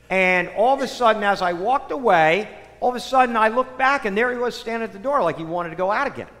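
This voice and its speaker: A man preaching a sermon, telling stories in an animated way that swings between loud and soft. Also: high-pitched. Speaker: priest. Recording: long hall reverb.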